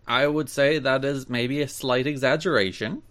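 A man hosting a podcast in casual chat, teasing his co-host with dry, deadpan banter. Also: medium pitch, normal speed.

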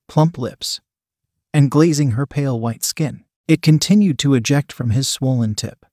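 A man narrating a scripted erotic story in a steady, measured reading. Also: mid-range voice, dry recording, clean studio sound.

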